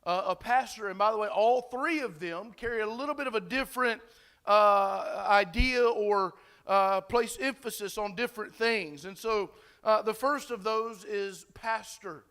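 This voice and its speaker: Speaking a little slowly in a high, slightly bright voice, a pastor preaches casually to his congregation. His delivery is full of fillers and false starts, and he poses questions to those listening.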